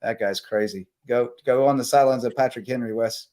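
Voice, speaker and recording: A man hosting a late-night sports talk stream, rambling through game recaps and sponsor shout-outs. His voice is mid-pitched and casual, tired but still running on adrenaline. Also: brisk. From South Carolina Lowcountry. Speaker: sports talk show host.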